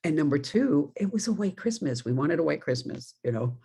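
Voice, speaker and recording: Gravelly-voiced woman minister preaching. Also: sits low, sing-song, fairly quick, mellow. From New York, USA. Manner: conversational, storytelling with laughing asides. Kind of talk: sermon.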